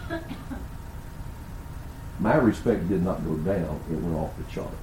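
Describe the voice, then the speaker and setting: Older guy preaching, lively up-and-down voice, echoey church, faint room hum. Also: low voice, a little slow, pauses often. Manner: preaching with rhetorical questions and storytelling. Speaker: pastor. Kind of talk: sermon. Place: church sanctuary.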